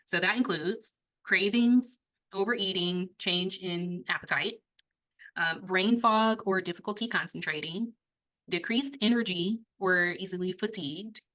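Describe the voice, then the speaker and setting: A young woman co-hosting a casual podcast, talking in a fairly low but bright, forward voice. She explains things in a chatty way, laughs easily, and runs a little short of breath when she gets excited. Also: measured pace, low-quality recording. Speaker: podcast co-host. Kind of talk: casual chat explaining a health topic.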